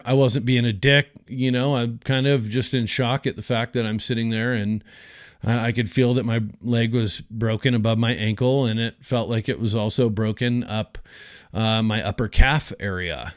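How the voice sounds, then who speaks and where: A man's voice: mid-range voice, steady tone, moderate pace, dry recording, clean studio sound. A man hosting a podcast, telling a personal story in a casual, rambling, profane way with lots of fillers. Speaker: podcast host.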